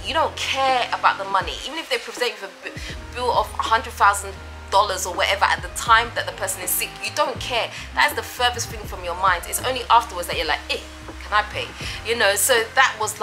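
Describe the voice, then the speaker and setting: A woman's voice: mid-range voice, low-quality recording. Rambling, emphatic woman vlogger. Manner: rambling, emphatic, repeats herself. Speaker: vlogger and mother. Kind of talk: casual talk to camera.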